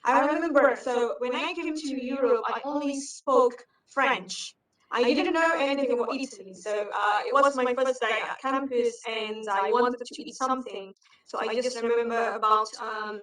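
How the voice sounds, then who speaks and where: A woman's voice: a little high, normal speed, a bit bright. A woman telling stories as a guest in a casual interview, hesitant with many fillers. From Indonesia. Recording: roomy, distant from mic.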